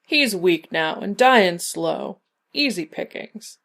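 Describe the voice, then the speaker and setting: A woman's voice: fairly low pitch, lively intonation, slow pace, fairly bright tone, exaggerated voice. A woman voicing a silky-voiced, sly male devil. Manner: drawling, teasing menace. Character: silky, smug male devil, tall and handsome.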